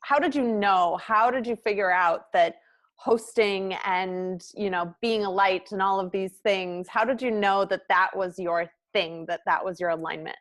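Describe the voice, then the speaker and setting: Woman podcast host asking gentle questions. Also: medium pitch, unhurried. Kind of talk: interview questions.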